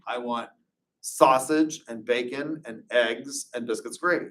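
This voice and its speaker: Brief: male instructor, casual storytelling lecture, mid pitch, set back from the mic. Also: measured pace, a bit bright, recorded from a distance. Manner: chatty, anecdotal, loose storytelling. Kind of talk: informal classroom lecture.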